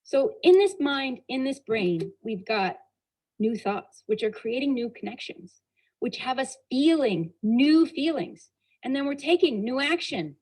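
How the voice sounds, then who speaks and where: A woman giving a motivational talk, telling a personal story with a lively, expressive delivery. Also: sits high, measured pace, low-quality recording. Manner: expressive storyteller, shifting pace and loudness, laughing at herself. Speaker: motivational speaker.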